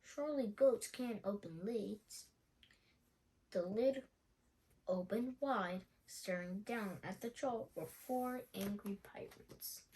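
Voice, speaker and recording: A woman reading a children's storybook aloud in a slow, expressive way. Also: medium pitch. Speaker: storybook reader.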